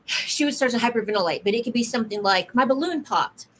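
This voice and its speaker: A woman in her thirties co-hosting a casual podcast, speaking in a fairly high voice. She tells stories with lots of energy and slips into the voices of the people she talks about. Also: quick pace, a little hiss or hum, rough recording. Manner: animated storyteller, acts out voices. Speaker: podcast co-host. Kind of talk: casual chat.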